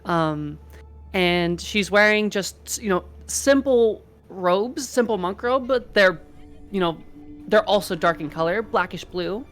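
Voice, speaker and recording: A woman's voice: medium pitch, lively intonation, slow pace. A woman playing a tabletop game, describing her character in a rambling, hesitant way with many fillers. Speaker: player. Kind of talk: casual tabletop game chat.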